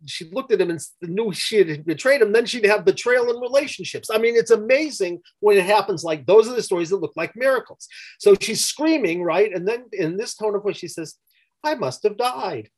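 A man with a notably high voice tells a story from his therapy work, leaning hard on key words and repeating them for emphasis. He speaks in a conversational, unscripted way. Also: poor audio.

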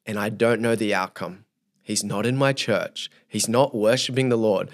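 Here a young man with a lowish voice talks at a normal speed, a youth leader sharing a tale on someone's podcast. His telling is lively, and he dramatizes what was going through his head.

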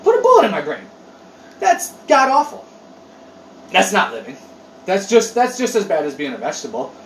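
Animated, cursing man in an echoey room. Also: high voice, moderate pace. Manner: animated, profane, rambling storyteller. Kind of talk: casual chat. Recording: roomy echo, distant mic, faint noise.

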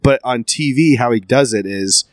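A man in his thirties telling animated stories in a casual chat, laughing often. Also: medium pitch, moderate pace, no room sound.

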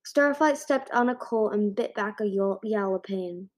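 A woman's voice: medium pitch, unhurried. Woman reading a storybook aloud. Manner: expressive read-aloud with occasional restarts. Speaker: amateur audiobook reader.

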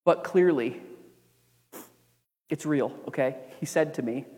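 A young man preaching a sermon as pastor, earnest, moving between emphatic preaching and quiet, confiding storytelling. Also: fairly high pitch, slow. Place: church sanctuary. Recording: long reverb of a church hall.

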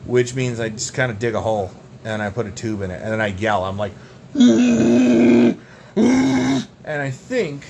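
A young man co-hosting a podcast, telling absurd tall tales in a deadpan, rambling way. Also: lowish voice, quick pace, a little hiss or hum. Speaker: podcast co-host. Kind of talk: absurd comedic banter.

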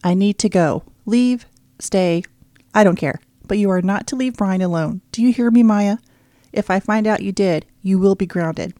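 A woman's voice: mid-range voice, normal speed, dark tone, no room sound, studio quality, close to an everyday voice. A woman voicing a firm, protective middle-aged father in an audiobook, speaking in coaxing and stern turns. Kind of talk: audiobook character reading.

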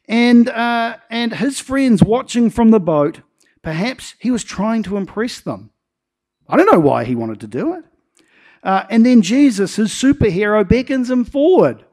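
NZ-male pastor, animated sermon storyteller, slightly higher voice. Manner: animated storytelling with acted-out quotes.

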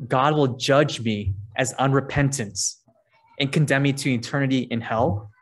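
A man's voice: medium pitch, normal speed. A man preaching a sermon, earnest and conversational, reading scripture verses aloud between his points. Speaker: pastor.

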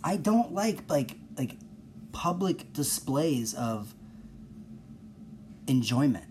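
A man hosting a casual solo podcast, rambling and self-mocking, low-key with bursts of exasperated ranting. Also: very animated, slow, darkish tone, slight background noise.

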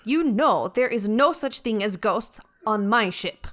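A woman's voice: fairly high pitch, expressive, measured pace, fairly bright tone. Beth, a woman voicing a smug ship computer. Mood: imperious. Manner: imperious, threatening, boastful. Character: haughty female ship computer, menacing and smug.

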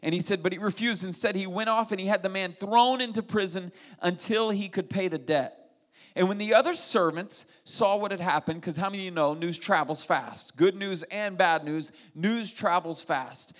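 Animated man preaching a sermon. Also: a little high. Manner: animated preaching, retells scripture with lively dialogue and asides. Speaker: pastor.

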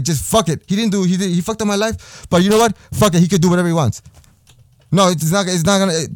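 A young man with a high-pitched voice hosts a podcast, ranting in a heated, profane, repetitive way. His voice sits dry and close with no room echo. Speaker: podcast host. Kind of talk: angry personal rant.

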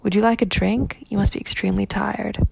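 A woman voicing a sweetly bright, anxious young housewife in a read-aloud story, with a gravelly edge. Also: mid-range voice, flat delivery, brisk, no room sound. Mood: pleading.

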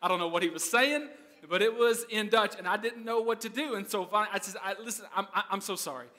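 A man's voice: high voice, fast, bright, forceful tone. An American man preaching a sermon as pastor, telling stories in a chatty way and often checking in with the audience. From United States. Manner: conversational storytelling, keeps asking "okay?".

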